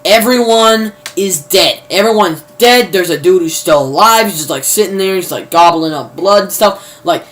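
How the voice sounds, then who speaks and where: A man's voice: sits high, moderate pace, hardly any pauses, fairly bright tone. A man giving a casual, rambling plot recap, full of fillers and mild cursing. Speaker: video reviewer.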